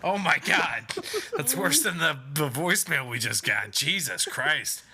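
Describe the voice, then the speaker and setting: A tipsy male podcast host who talks in an excitable, rambling way, stammering and restarting often. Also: on the high side, unhurried, very noisy. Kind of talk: live podcast banter.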